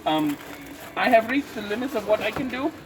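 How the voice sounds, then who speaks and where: A man's voice: sits high, animated, normal speed. A man putting on the voice of an overly polite, formal call center agent who repeats himself, recorded in a noisy store. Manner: stiff, formal, repetitive phrasing. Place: store aisle.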